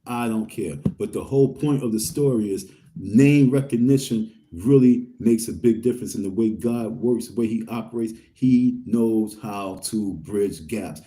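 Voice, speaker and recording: New guy from queens, real dark low-key tone, talks slangy and rambly, chatting to his viewers. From Queens, New York. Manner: streetwise slang, rambling, reads viewer comments. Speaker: vlogger. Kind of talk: casual storytelling to viewers.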